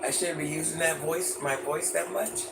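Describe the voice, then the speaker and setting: A woman with a naturally deep voice, hoarse and losing it, chatting casually with viewers on a live stream and greeting them by name. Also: fairly even intonation, moderate pace. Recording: noisy background hiss.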